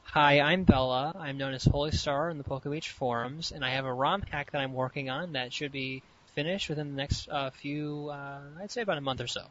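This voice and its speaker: A man's voice: on the high side, brisk, few pauses, fairly bright tone. A man chatting on a podcast in a hesitant, rambling way, asking the others questions. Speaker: podcast guest and co-host. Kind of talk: casual chat. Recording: lo-fi voice chat with faint noise.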